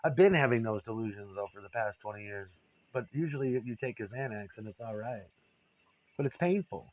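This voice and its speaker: A man's voice: fairly low pitch, lively intonation, fairly quick, highs cut off, slight background noise. A man telling a candid, rambling personal story, profane and confessional.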